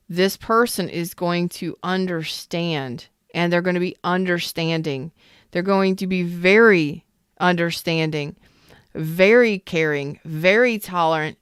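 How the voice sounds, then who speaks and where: A woman's voice: lowish voice, clean tone, dry recording, clean studio sound. A woman hosting a live tarot reading, casual and emphatic, repeating phrases and chatting with viewers. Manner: talks to viewers in the chat.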